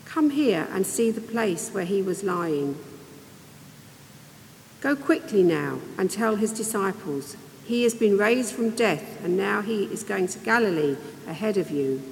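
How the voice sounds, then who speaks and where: A woman reading the words of a solemn male angel in a calm, reassuring way. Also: medium pitch, unhurried, vocal fry, big-room sound, a little hiss or hum, rough recording.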